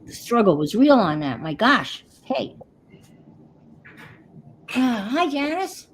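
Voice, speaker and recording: A woman's voice: fairly high pitch, big pitch swings, takes it slowly, slight background noise. A woman hosting a craft livestream, chatting casually and muttering to herself as she works. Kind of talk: casual chat while crafting.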